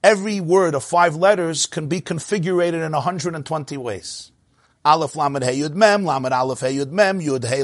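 A man teaching a Torah class, animated, asking rhetorical questions and answering them himself, with a lively rise and fall and frequent laughs. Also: fairly high pitch, no room sound.

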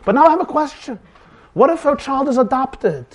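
A man's voice: very high-pitched, expressive, moderate pace. A man giving a dramatic religious lecture, acting out dialogues with rising emphasis. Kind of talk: animated Torah lecture with acted dialogue.

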